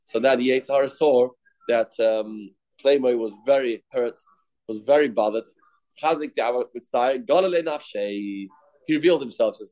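Man teaching Talmud, lively retelling with Aramaic phrases, medium pitch. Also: normal speed, poor audio. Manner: animated storytelling, mixing Aramaic phrases and English. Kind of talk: Talmud class, retelling with acted quotes.

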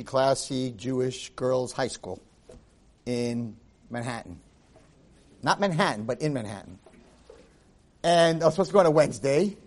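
Male rabbi, animated lecturer, raised pitch that rises and falls widely, acts out quotes as he teaches. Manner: mixes Hebrew phrases into English. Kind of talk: Torah class, lively storytelling.

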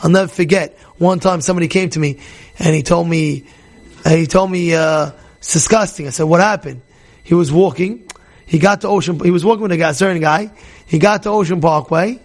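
Rabbi guy giving a class, high voice kinda gravelly, acts stuff out, keeps asking u understand. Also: brisk. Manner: animated, acts out characters, asks the audience questions. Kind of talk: Torah class lecture.

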